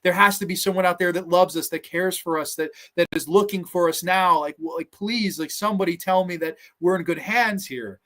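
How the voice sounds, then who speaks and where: A man's voice: high voice, fairly quick, few pauses, a bit bright. A man voicing a frightened army major. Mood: pleading. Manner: pleading, rambling.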